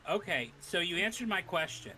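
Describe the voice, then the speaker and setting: A man's voice: sits high, expressive, moderate pace, over music. A man playing a tabletop game, chatty and joking, slipping into character voices. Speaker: player.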